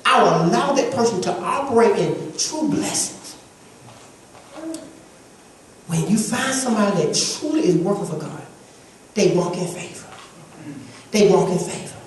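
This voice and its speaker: A woman's voice: medium pitch, animated, normal speed, slight background noise. A woman preaching a sermon to a congregation, emphatic and repetitive, in a call-and-response style. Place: church sanctuary with congregation. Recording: echoey church hall from far off.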